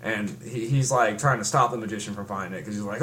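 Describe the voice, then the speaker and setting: A man's voice: fairly low pitch, very fast, hardly any pauses, fairly bright tone. A young man in casual chat, rambling through a story with many restarts and fillers. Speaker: fan recapping a comic.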